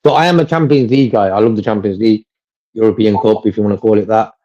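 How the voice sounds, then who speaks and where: Guy rambling on a fan stream, mellow voice, muffled lo-fi sound, keeps repeating himself. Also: fairly low pitch, fast. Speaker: co-host of a fan livestream. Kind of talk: casual chat.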